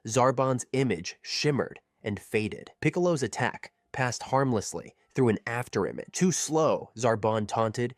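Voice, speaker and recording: A man's voice: medium pitch, darkish tone, dry recording, clean studio sound. A man narrating a fan-made action story in a dramatic storytelling manner. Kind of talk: scripted narration.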